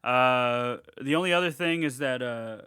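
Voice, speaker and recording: A man co-hosting a podcast, recapping a horror film in a casual, animated way, full of swearing and fillers. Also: mid-range voice, measured pace, clear, resonant tone, no room sound, clean studio sound. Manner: animated, profane retelling with frequent fillers. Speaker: podcast co-host. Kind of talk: casual movie recap chat.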